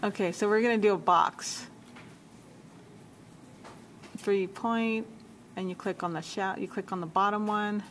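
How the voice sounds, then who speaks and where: A woman teacher walking a class through a software task step by step, repeating menu names as she checks her work. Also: medium pitch, fairly even intonation, moderate pace, slight background noise. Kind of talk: software tutorial walkthrough.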